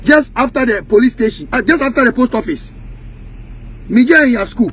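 A man's voice: extremely high pitch, animated, fairly quick, fairly bright tone, breathy edge. A man from Ghana with a Ghanaian Pidgin English accent, delivering a heated, mocking rant that slips into sing-song taunting chants. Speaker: music industry commentator.

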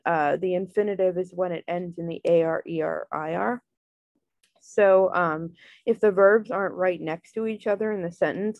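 Tutor: woman with a lowish, gravelly voice, relaxed and filler-heavy, dry close sound. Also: no echo, highs cut off. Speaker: Spanish tutor. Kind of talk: casual online lesson.

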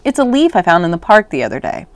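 A woman reading the lines of a calm, reassuring father in a children's storybook. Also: fairly low pitch, fast talker, no echo. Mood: explaining.

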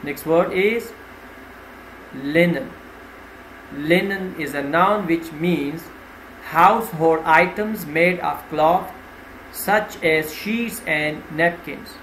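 A man gives a vocabulary lesson, reading out each word and its meaning in a slow, deliberate way. His voice sits high, and he dwells on each word's stressed syllable. The recording sounds roomy, with faint ambient noise behind him. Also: a bit bright. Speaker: English teacher. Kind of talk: vocabulary lesson, reading words and example sentences.

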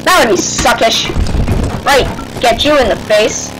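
A woman commentating her own gameplay, excitable and yelling at the game. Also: a little high, a little slow, rough recording. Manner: excitable, shrieks and yells at the game. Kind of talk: let's play commentary. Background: game music.

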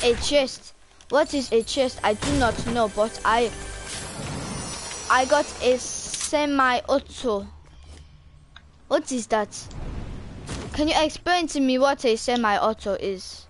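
A woman's voice: high voice, slow pace, long pauses, noisy background. A woman putting on a rambling put-on African accent. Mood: pleading. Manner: commanding, rambling, silly. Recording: game music clearly behind.

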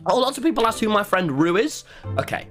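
Hyper young guy streaming, high voice that jumps all over, music in the back. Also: fast. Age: young adult. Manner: loud, excitable, swears often. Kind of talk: casual livestream chat.

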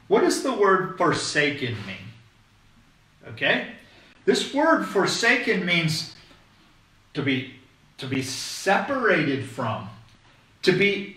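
Bright-voiced man preaching in an echoey hall. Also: high-pitched, big pitch swings, slow. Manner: conversational, emphatic preaching with frequent "okay?" check-ins. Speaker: pastor. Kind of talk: sermon. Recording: echoey room, voice from a distance.

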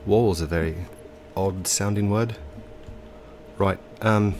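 Taking things slowly, a man with a lowish, stuffy-nosed voice commentates a video game as a let's play host, affecting an English accent. He hesitates with ums and self-corrections, and a little hiss or hum can be heard.

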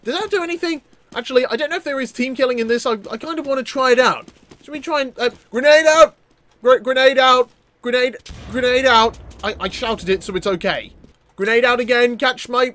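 A young man with a high, bright-sounding voice narrates his gameplay in a loose, joking way. He gets excited quickly and stumbles into stammered restarts as the action unfolds. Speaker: gaming YouTuber. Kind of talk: casual gameplay commentary.

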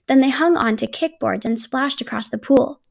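Woman reading a storybook aloud, gravelly. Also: high-pitched, normal speed. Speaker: children's book reader.

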